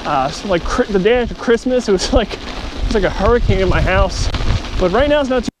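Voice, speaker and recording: A man's voice: sits high, animated, fairly quick. A man casually explaining a gear test step by step while outdoors on a clip-on wireless mic, with wind and helicopters around. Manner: chatty, narrates each step as he goes. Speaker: gear reviewer. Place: outdoors, parking garage roof and hill trail. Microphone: clip-on wireless mic near mouth.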